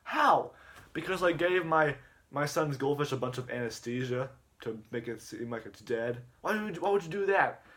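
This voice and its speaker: A man's voice: fairly high pitch, expressive, moderate pace, fairly bright tone. A man voicing an exasperated, blunt father. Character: fed-up middle-aged dad, blunt.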